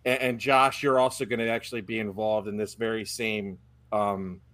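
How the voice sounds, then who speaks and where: A married man on a casual podcast, excitedly retelling a funny exchange with a friend. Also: on the low side, normal speed. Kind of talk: casual chat.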